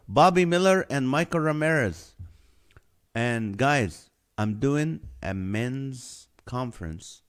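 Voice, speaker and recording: Live-stream host, man, unhurried delivery, chuckles while reading out chat comments. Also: mid-range voice. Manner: reads names and guesses aloud, laughs often.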